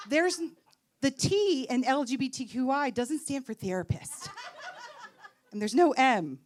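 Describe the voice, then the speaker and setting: High, lively woman doing wry stand-up. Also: a little slow, slight background noise. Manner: wry, sarcastic punchline delivery. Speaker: stand-up comedian. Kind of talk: live stand-up set. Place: comedy festival stage.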